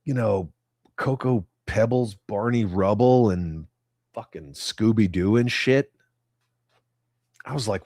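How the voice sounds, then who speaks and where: Low-voiced profane man ranting on a livestream. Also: takes it slowly, pauses often, a little mellow, no room sound, studio quality. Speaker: livestream host. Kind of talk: casual livestream chat reading viewer comments.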